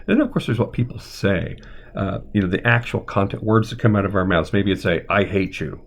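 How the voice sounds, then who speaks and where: A middle-aged man with a lowish voice talks through a live-streamed lesson as a therapist. He rambles gently, thinking aloud and filling pauses with ums and uhs. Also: creaky. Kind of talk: unscripted live-stream lecture.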